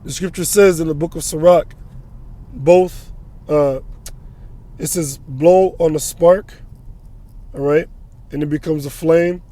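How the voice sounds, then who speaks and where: A man's voice: a little high, fairly even intonation, slow, pauses often, dark tone. A man preaching an informal sermon while traveling, quoting scripture and checking in with "all right?" and "you know?".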